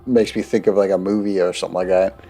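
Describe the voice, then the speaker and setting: A man's voice: deep voice, flat delivery, fast, warm tone, faint music behind. Rambling man reading game text aloud. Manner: rambling, laughs often, stumbles over words while reading. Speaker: let's play host.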